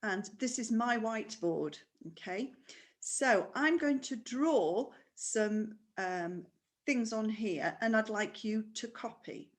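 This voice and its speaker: A woman's voice: fairly high pitch, takes it slowly. A woman teaching a primary school music lesson online, patient and explaining step by step with questions.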